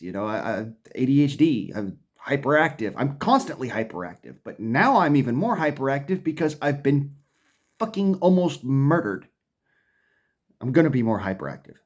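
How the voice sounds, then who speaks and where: A man delivering a profane, combative ranting monologue to camera, often stumbling and restarting his sentences. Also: medium pitch. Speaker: vlogger.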